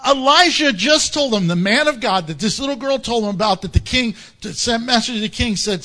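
High-voiced pastor preaching with humor. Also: male voice, fairly quick, few pauses. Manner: animated, humorous, laughs often, acts out Bible stories. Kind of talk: sermon. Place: church.

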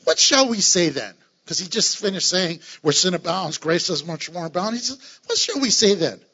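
A man preaching a lively sermon as a pastor, laughing and acting out voices of his listeners. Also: sits high, normal speed, breathy edge, highs cut off.

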